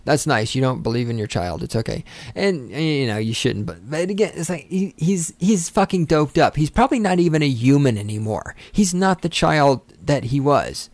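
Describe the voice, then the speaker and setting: A man's voice: fairly high pitch, animated, moderate pace, a little mellow, no room sound. A man hosting a solo podcast, ranting angrily and sarcastically with constant swearing. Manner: angry, profane, sarcastic ranting. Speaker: podcast host.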